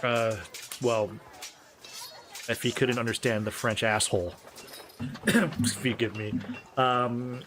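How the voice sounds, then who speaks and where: A man's voice: mid-range voice, fairly bright tone, a little hiss or hum, lightly acted. A man voicing a stern male guard who speaks formally and keeps saying sir. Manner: formal, stiff, addresses people as sir.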